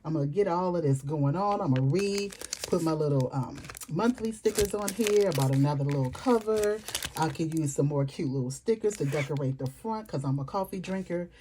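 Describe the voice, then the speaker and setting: A middle-aged woman, chatting excitedly and fast to her viewers in a home vlog, calling them y'all. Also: deep voice, noisy background. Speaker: planner vlogger. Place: home desk.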